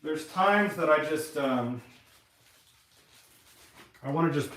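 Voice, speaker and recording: A man talks on his live stream from a private workshop, rambling from one complaint to the next and swearing often. His voice sits slightly high for a man. He is heard from some distance, with the room's echo around him. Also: expressive, takes it slowly, a bit bright. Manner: rambling, profane, venting frustration. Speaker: webcam channel host. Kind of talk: casual live-stream talk while working. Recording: echoey room, mic far off.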